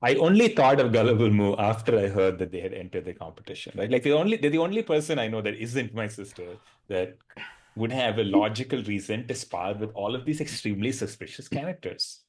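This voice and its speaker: A man playing in a tabletop game, relaxed and chuckling, with many fillers. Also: on the low side, a little fast. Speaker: player. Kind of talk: casual tabletop game play.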